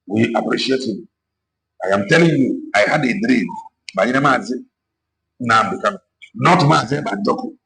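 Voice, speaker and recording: Gravelly man, impassioned. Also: mid-range voice, expressive, normal speed, long pauses, fairly bright tone, a little hiss or hum, rough recording. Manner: mixes Igbo and English, repetitive, exhorting. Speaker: activist speaker. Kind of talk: impassioned political talk.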